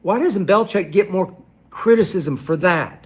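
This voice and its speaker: A man's voice: sits high, moderate pace, breathy edge. Emphatic male sports debater. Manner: emphatic, hammering rhetorical questions; repeats key phrases for emphasis. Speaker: sports commentator. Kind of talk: heated sports debate commentary.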